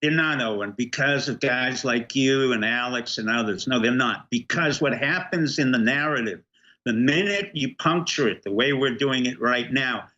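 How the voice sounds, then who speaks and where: Emphatic middle-aged man, bright tense voice. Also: mid-range voice, normal speed, dull audio. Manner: emphatic, fires rhetorical questions. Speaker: guest commentator. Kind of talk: political talk show interview.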